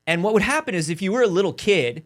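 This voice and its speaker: A man's voice: high voice, quick pace. A man co-hosting a casual talk show, telling a long funny story and acting out the voices of the people in it. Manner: animated storyteller, acts out quoted voices. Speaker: podcast co-host.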